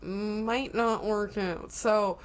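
A woman in a casual podcast chat with a middle-pitched voice. She explains things at length and in detail. Her talk is loose and full of "like" fillers. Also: steady tone, drawn-out words.

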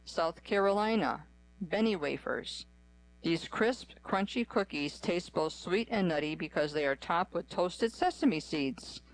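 A woman reading a magazine article aloud in an even, clear voice for a radio program. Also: fairly low pitch, a little slow, rough recording. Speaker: radio reader.

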